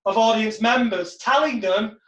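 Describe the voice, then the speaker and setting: A man's voice: high-pitched, normal speed. Man teaching in a roomy, distant recording. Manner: lively storyteller who acts out quotes. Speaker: hypnosis trainer. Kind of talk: casual teaching monologue. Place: home room in front of a backdrop. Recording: roomy, distant, dull sound.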